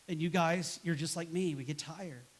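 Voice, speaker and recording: Preaching a sermon in a church, a man speaks at normal speed in a somewhat high voice. His style is relaxed and conversational, and he voices quoted grumbling responses, complete with a sigh, to make his points.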